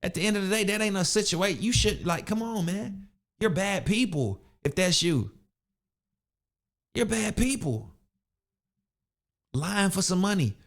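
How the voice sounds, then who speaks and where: A young adult man hosting a podcast, ranting bluntly in street slang with casual, animated delivery. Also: high voice, unhurried, pauses often. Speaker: podcast host. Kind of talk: casual motivational rant.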